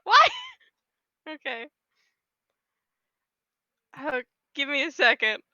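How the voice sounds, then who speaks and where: Giggly high-voiced woman player. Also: lively intonation, unhurried, sharp tone, no room sound, highs cut off. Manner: giggly, hesitant, many ums. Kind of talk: casual tabletop game chat.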